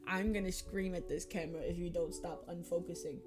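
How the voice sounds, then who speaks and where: A woman's voice: on the low side, steady tone, moderate pace, music in the background. A young woman, chatting casually to camera in a vlog, emotional and gushing, laughing often and teary. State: tearful. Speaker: YouTuber and streamer. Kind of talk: casual monthly vlog chat.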